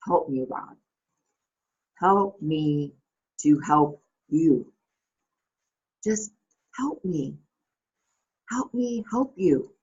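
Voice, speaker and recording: A woman's voice: low-pitched, animated, very slow, long pauses, darkish tone, breathy edge, muffled recording, heavily acted. Woman playing a pleading broke sports agent. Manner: pleading, begging.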